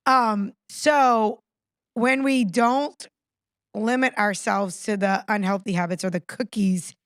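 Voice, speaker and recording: A woman in her thirties co-hosting a podcast, talking in an animated, fired-up, ranting way. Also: mid-range voice, slow pace, no room sound, clean studio sound. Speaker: podcast co-host. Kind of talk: casual podcast chat.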